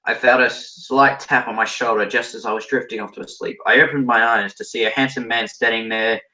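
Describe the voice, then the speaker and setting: A young man with an Australian accent reads a fan story aloud, tripping over words and breaking off to groan at what he's reading. His voice is bright and sharp, and the room around him is echoey. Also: medium pitch, steady tone, fairly quick. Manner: stumbling over words, breaking into laughter and horrified asides. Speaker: podcast co-host reading fan fiction.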